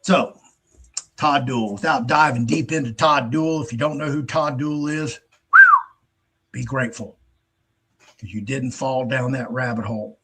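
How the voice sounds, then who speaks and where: Husky, blunt, swearing man. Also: mid-range voice, a little slow, long pauses, a bit bright. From United States. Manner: blunt, profane, rambling. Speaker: host. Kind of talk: casual monologue.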